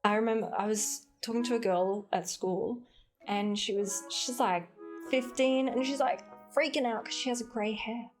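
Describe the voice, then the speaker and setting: A woman's voice: a little high, fairly even intonation, moderate pace. A chatty, playful Australian woman talking casually into a desk mic during a livestream. She reads chat aloud, laughs often and swears lightly, with faint music playing behind her.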